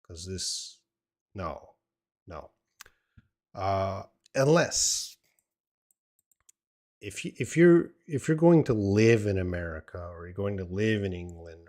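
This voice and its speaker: A man's voice: low-pitched, darkish tone. A man teaching English in a live-stream Q&A from home, answering viewers in a blunt, opinionated, teasing way.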